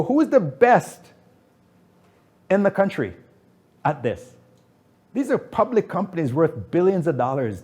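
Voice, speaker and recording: Emphatic man in his fifties. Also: fairly high pitch. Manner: emphatic, animated storyteller acting out quotes. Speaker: guest speaker, business founder. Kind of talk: fireside chat on stage.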